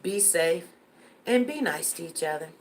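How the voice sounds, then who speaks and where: A woman's voice: on the low side, lively intonation, moderate pace, a little hiss or hum. A woman hosting a casual live stream who talks earnestly to her viewers and repeats herself for emphasis.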